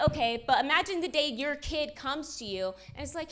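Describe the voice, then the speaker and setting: High-voiced woman doing stand-up. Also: expressive, fairly bright tone. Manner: self-deprecating, quick asides to the crowd. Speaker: stand-up comedian. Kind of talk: stand-up comedy set. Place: comedy stage with live audience. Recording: live show with clear background noise.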